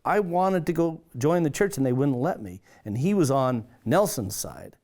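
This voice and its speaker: A male pastor earnestly tells his personal testimony in a slightly high, animated, darkish voice. He is halting, restarts often, and his tone brightens when he quotes other people.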